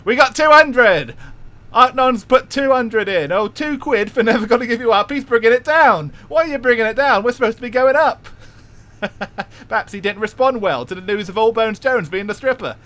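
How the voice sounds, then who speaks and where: A man's voice: very high voice, lively intonation, fairly bright tone, pitched above the performer's own voice. A man putting on a cheeky Cockney auctioneer. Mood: hawking. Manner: fast auctioneer patter, jokey hawking. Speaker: streamer.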